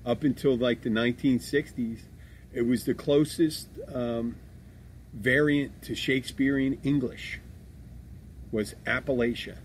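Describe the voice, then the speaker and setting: A man's voice: mid-range voice, steady tone, measured pace, slight background noise. A man from Philadelphia co-hosting a podcast, talking casually and bluntly, with swearing and rambling restarts. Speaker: podcast co-host. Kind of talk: casual chat.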